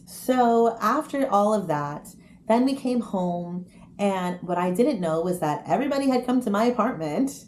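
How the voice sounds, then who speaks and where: A young woman telling a story casually to camera, chatty and animated, with quick asides. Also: on the low side. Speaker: vlogger. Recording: echoey room, faint noise.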